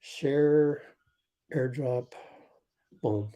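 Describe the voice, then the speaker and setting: A young man hosting a casual sports livestream, thinking aloud and calling plays in quick bursts while chatting with viewers. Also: mid-range voice, warm tone. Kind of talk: casual live game commentary and chat.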